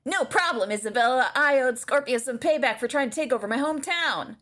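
Woman doing a bratty cartoon boy, high voice, lively, cocky. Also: a little fast.

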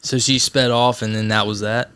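A man's voice: medium pitch, level tone, moderate pace, a bit bright, smooth, no echo. Wry man bantering with a friend. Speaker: podcast co-host. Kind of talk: casual chat.

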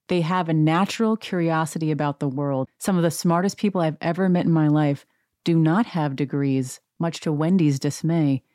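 A woman's voice: lowish voice, dry recording, studio quality. Sarcastic woman ranting about reality TV. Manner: sarcastic, animated rant. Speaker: podcast host. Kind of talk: opinionated reality TV recap.

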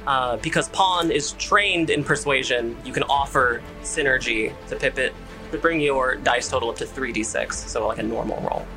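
A man's voice: medium pitch, moderate pace, music in the background, poor audio. A man narrating as game master of a tabletop game, explaining rules in a hesitant way full of fillers.

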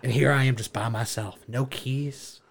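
A young man telling a wild story casually, animated, laughing and swearing as he goes. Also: medium pitch, moderate pace, creaky.

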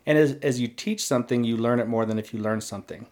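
A man talking as a guest in a casual podcast conversation, earnest and halting, with frequent restarts. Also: mid-range voice, a little mellow.

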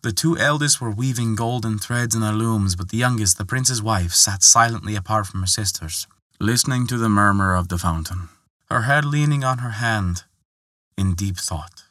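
A man narrating a folktale, reading in an expressive way and lifting his voice for the characters' lines. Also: normal speed, no echo, studio quality. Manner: expressive, lifts pitch for quoted characters. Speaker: storyteller.

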